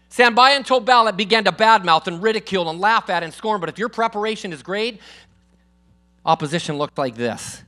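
An older man preaching in a high, bright voice. He talks casually and emphatically, shifting between booming declarations and hushed asides, and keeps asking the congregation for an amen. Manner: conversational and emphatic, swinging between loud declarations and quiet asides; calls for congregation responses. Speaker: guest preacher. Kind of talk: sermon. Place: church.

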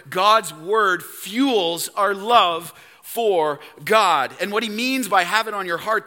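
A male pastor with a Canadian accent preaching a sermon in a church, emphatic and swinging from loud to hushed. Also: high-pitched, in a large hall. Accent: Canadian English. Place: church sanctuary.

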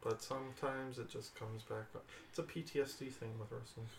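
A man's voice: medium pitch, fairly even intonation, a little fast. A man co-hosting a casual podcast chat, making wry, sweary asides in an echoey room. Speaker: podcast co-host.

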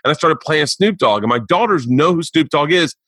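A man in his forties hosting a podcast, telling stories in an animated, rambling, profane way. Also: a little high, brisk, slightly rough, dry recording. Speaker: podcast host. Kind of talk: casual chat.

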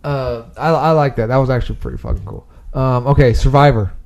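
A man's voice: medium pitch, fairly even intonation, a little fast, darkish tone. A man hosting a podcast in loose casual chat, swearing freely and laughing easily. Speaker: podcast host.

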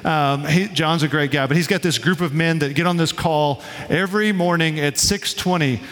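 A man preaching a sermon to his congregation in a relaxed, conversational way, telling stories and acting out quotes. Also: fairly high pitch, normal speed, big-room sound. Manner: conversational, storytelling with quoted voices. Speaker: pastor. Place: church sanctuary.

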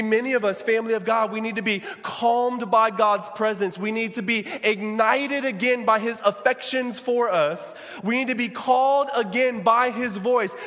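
A man's voice: very high voice, fairly bright tone. A man preaching a sermon as pastor, calling out to his congregation. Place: church sanctuary. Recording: long church reverb.

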